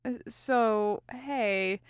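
A nervous young man who stammers through his words, voiced by a woman reading aloud. His tone is soft, slightly high and smooth. The recording is dry and close, like a storybook read at home. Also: drawn-out words, no echo. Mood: hesitant. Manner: hesitant, stammering, soft-spoken. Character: anxious tender young male rogue. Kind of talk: fan audiobook reading.

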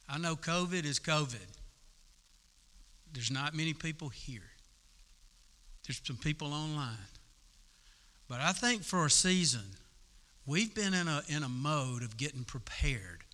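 A man's voice: a little high, bright, forceful tone, in a large hall. A man preaching a sermon in a folksy, conversational way, with casual asides to the congregation. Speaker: pastor. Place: church sanctuary.

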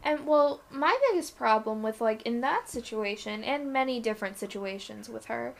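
A young woman with a fairly high voice co-hosts a casual podcast chat. She rambles loosely and leans on filler words as she talks. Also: normal speed, creaky, a little hiss or hum. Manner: laughs often. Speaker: podcast co-host.

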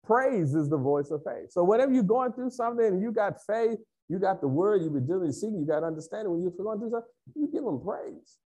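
Male pastor, high voice, animated swings; AAVE; emphatic, repetitive sermon delivery. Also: fast talker, hardly any pauses.

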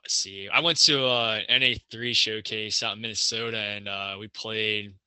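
A man's voice: on the low side, fairly even intonation, normal speed, pushed and bright, smooth, no echo. A young man, a college hockey player, chatting casually on a podcast and rambling with lots of fillers and restarts. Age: young adult.

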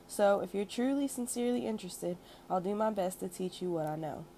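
A woman voicing a warm, blunt old madam. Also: mid-range voice, brisk, slight background noise, close to an everyday voice, rough recording. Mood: stern. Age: older. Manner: soft, warm, cultured, sometimes peevish and blunt. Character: kindly elderly wealthy madam, blunt and warm.

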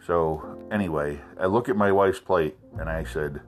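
Low-voiced man, swearing through a rant. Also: moderate pace, faint music behind. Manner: blunt, swearing, exasperated complaining. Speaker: vlogger telling a restaurant story. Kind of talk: profane storytelling rant.

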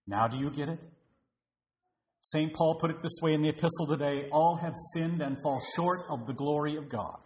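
Recorded with a roomy echo in a church, a pastor delivers an emphatic sermon full of rhetorical questions aimed at the congregation. His voice sits on the high side with a darkish tone, and he speaks at a moderate pace.

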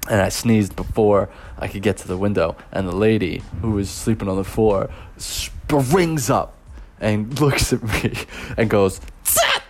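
Deep-voiced young man telling a rambling story. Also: measured pace, a little mellow, slight background noise. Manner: rambling, loose, with many fillers and chuckles. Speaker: teacher working abroad. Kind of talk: casual storytelling vlog.

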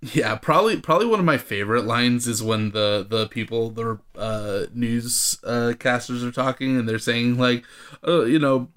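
A man's voice: medium pitch, normal speed, a bit bright. A man co-hosting a podcast, explaining points about a movie in a casual, hesitant way with fillers. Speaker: podcast co-host. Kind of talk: casual film discussion.

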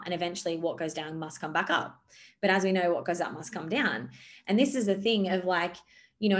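Woman coaching in a loose, filler-heavy flow. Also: fairly low pitch. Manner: animated, gestures while talking, many fillers. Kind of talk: podcast monologue.

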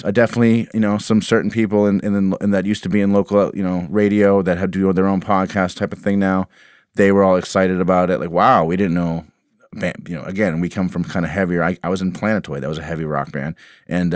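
Guy with a really deep smooth voice, rambly interview chat, lots of you knows. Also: darkish tone, no room sound, studio quality. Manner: rambling, many restarts and "you know". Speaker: band member guest.

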